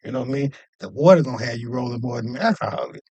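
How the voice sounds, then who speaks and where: A young man casually telling a long, animated story, jumping up in pitch whenever he acts out other people's lines. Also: racing, breathy edge, no echo. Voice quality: animated, acts out quoted voices with jumps in pitch. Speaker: podcast host.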